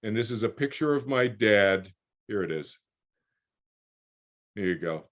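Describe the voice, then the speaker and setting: A man's voice: on the low side, expressive, a little slow. A man in his sixties telling a personal story as a guest on a video call, rambling with repeated words and restarts. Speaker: guest speaker.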